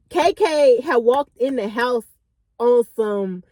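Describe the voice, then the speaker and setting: A chatty woman in her late twenties tells a wild story straight to her viewers. Her voice sits high and swings widely in pitch. The sound is dry and close to the mic. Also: moderate pace, no room sound. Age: late 20s. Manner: animated, chatty, slangy. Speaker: vlogger. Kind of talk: casual storytime.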